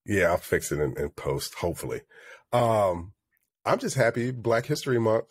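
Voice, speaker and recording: A man co-hosting a podcast in casual chat, with a slightly stuffy nose, telling stories in a relaxed, joking way over a headset mic. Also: on the low side, moderate pace, husky. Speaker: podcast co-host.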